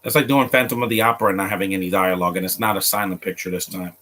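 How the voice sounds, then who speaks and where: Man, casual streamer, rambling, talks straight to viewers, lowish pitch, forceful bright tone. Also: fairly even intonation, racing. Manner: rambling, stumbles and restarts often; chats directly to viewers. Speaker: streamer reacting to a film. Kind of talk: casual live commentary.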